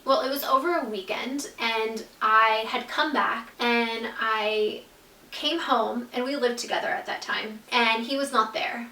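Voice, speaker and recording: A woman's voice: a little high, unhurried, pushed and bright, roomy sound, recorded from a distance, poor audio. A woman telling a personal story in a casual vlog, chatty and full of "like". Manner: chatty, fills speech with "like", acts out quoted dialogue. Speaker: YouTube storyteller.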